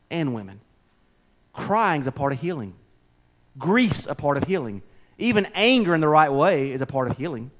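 High-voiced preacher, loud then hushed. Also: male voice. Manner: swings from loud preaching to soft, near-whispered asides; folksy, conversational, with slips and restarts. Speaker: pastor. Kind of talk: sermon.

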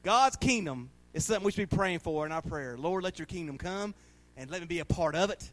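A man's voice: on the high side, lively intonation, brisk. A man, preaching a sermon as pastor, telling folksy stories and laughing often. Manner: folksy storytelling, laughing often, rising to loud bursts.

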